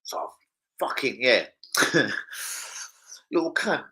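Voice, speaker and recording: A London man hosting a football channel chats casually on a live stream, a loud, swearing storyteller who jumps into shouting, with a London accent. Here, though, he speaks in a whisper: a mid-range voice with big pitch swings and a slow pace, over poor audio.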